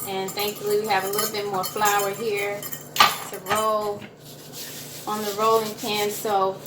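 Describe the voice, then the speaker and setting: A woman's voice: mid-range voice, level tone, measured pace, roomy sound, heavy background noise. A woman with a Southern accent, giving a chatty, encouraging home cooking demonstration and often repeating her phrases. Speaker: cooking instructor. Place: home kitchen.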